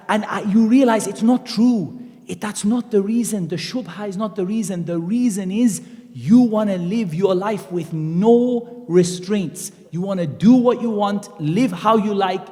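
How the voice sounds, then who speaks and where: A man's voice: high voice, a little slow. Man preaching in a reverberant mosque hall. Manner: animated and conversational, acting out quoted voices. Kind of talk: Islamic lecture.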